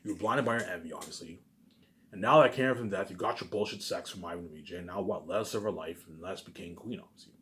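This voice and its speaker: Man, low-pitched, rapid delivery, rambling vlog monologue, repetitive, swears. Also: a bit bright, slight background noise. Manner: heated, repetitive rant; swears often, keeps saying "obviously". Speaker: vlogger.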